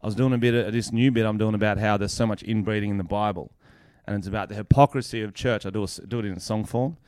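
A man's voice: lowish voice, fast, clear, resonant tone, no echo, clean studio sound. A man, a comedian co-hosting a casual podcast, telling stories with lots of swearing and acting out the people in them. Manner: animated storyteller, heavy swearing, acts out quoted voices. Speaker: podcast co-host and touring comedian.

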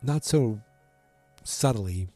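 A man's voice: on the low side, lively intonation, extremely slow, dark tone, dry recording, soft background music. A man casually recapping a TV episode, rambling with lots of ums and restarts and acting out the characters' lines. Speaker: podcast host recapping a TV episode.

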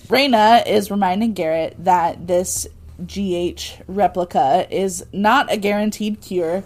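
A woman's voice: medium pitch, darkish tone. A young woman co-hosts a casual podcast and recaps a TV episode. Her voice sits in the middle of the female range. She talks in a chatty way with a sarcastic edge and laughs easily. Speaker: podcast co-host.

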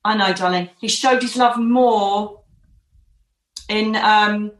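A woman's voice: medium pitch, takes it slowly. Rambling woman medium, roomy echo. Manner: emotive, reassuring, rambling. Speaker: psychic medium. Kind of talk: live psychic reading.

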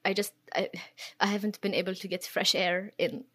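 A woman voicing a bewildered, put-upon captive guest with a fake French accent, speaking quietly and hesitantly. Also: mid-range voice, fairly even intonation, moderate pace, husky. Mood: tearful.

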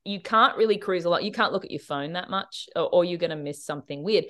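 Lively Australian woman telling stories. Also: lowish voice. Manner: animated storytelling with quick asides and frequent laughs. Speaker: TV director, guest. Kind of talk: casual podcast interview.

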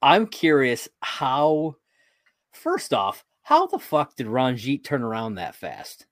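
Chatting about a sitcom episode, this co-host of a podcast rambles, laughs a lot and drops the occasional swear. He speaks slowly in a mid-range voice with huge swings in pitch, and the clean studio sound has no room sound.

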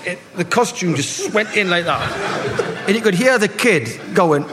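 A man, telling lively football stories to a live audience and acting out the voices. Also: high-pitched, normal speed. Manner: animated anecdotes, acting out voices, laughing. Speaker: guest, former footballer. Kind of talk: live storytelling on stage. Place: live party event. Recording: noisy live room.

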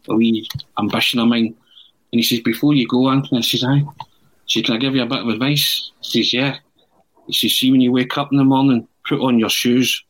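A man's voice: medium pitch, breathy edge, poor audio. A middle-aged Scottish man, a podcast guest, telling a long anecdote in casual chat and acting out what people said. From Scotland. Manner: animated anecdote-teller who acts out quotes with loud shouts.

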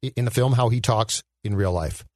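A man co-hosting a casual movie podcast, talking in an animated way and asking rhetorical questions. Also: a little fast, no echo, studio quality. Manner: animated, rhetorical, swings in pitch. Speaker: podcast co-host.

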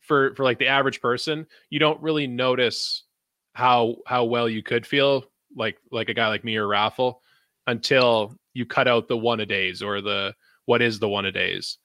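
A man's voice: medium pitch, steady tone, normal speed, sharp tone, no echo. A man hosting a podcast, chatting loosely and swearing, with many restarts. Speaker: podcast host. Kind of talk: casual profane chat.

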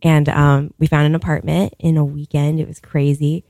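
A woman's voice: low voice, little pitch movement, normal speed, gravelly, warm tone, dry recording. A woman in her thirties from Virginia, telling a long funny story in a chatty way, full of fillers. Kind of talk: casual comedic storytelling.

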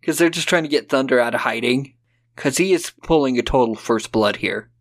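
A podcast co-host recaps a film in a casual, sarcastic chat, acting out lines in silly voices. He has a mid-range voice and talks fairly quickly.

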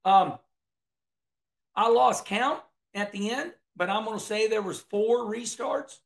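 A middle-aged man with a drawl talks through a race in a loose, folksy ramble, often starting a phrase twice. His voice sits high for a man and carries a gravelly edge. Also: slow pace. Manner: folksy, rambling, repeats words and restarts. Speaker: racing commentator. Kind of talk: casual video commentary.

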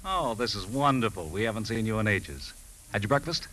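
An actor playing a hearty, brash family friend who handles an estate, talking in a blustery, dismissive way. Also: male voice, lowish voice, expressive, brisk, fairly bright tone, a little hiss or hum, poor audio.

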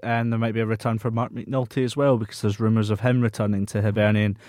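A man's voice: lowish voice, level tone, fast talker, darkish tone, no room sound, studio quality. A man hosting a casual football podcast, chatty and reading out listener questions. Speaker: podcast host.

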